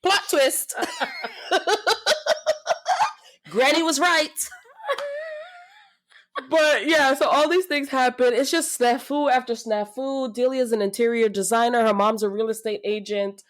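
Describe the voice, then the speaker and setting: A woman's voice: a little high, measured pace. Gushing woman chatting about books. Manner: gushing, animated, laughs often. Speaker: podcast co-host. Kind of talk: casual book-review chat.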